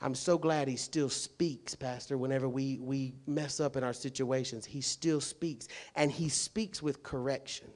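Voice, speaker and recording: A man preaching a sermon in a colloquial, emphatic way, dropping to quiet asides and rising to loud, shouted points full of rhetorical questions. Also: mid-range voice, fairly even intonation, measured pace, few pauses.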